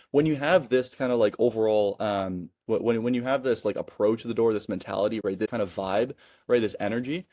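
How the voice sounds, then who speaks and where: A man's voice: lowish voice, brisk, mellow, dry recording, clean studio sound. A man in his twenties giving casual sales advice in a chatty way, often adding "right?". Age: 20s. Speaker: sales coach and business owner. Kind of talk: casual teaching monologue.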